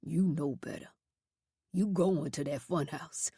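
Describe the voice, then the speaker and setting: Woman doing a brutal male reformatory guard, low menacing drawl, husky, dry. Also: slow pace, dark tone, no room sound, heavily acted. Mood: cold verdict.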